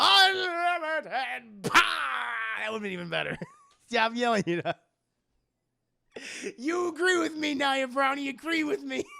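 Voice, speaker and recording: A man streaming a casual, profane scene-by-scene movie recap to his live chat, quickly acting out the characters' lines. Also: extremely high pitch, creaky, bright, forceful tone, a little hiss or hum. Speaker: streamer and film reviewer.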